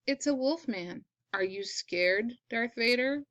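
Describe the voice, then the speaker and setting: A woman reading a children's picture book aloud, delivering it with playful questions. She reads at a very slow, unhurried pace. The sound is dry and close, with no room echo. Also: on the high side, animated, a bit bright. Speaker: reader.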